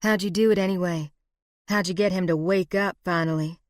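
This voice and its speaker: Woman putting on a scheming frontier vixen, purring, teasing, slow drawl, low voice, dry sound. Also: steady tone, no room sound, lightly acted. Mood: sly.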